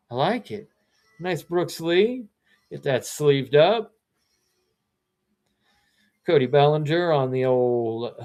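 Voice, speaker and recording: A card seller from Missouri, hosting a live-stream card break and rattling off player names with chatty, self-correcting asides. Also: medium pitch.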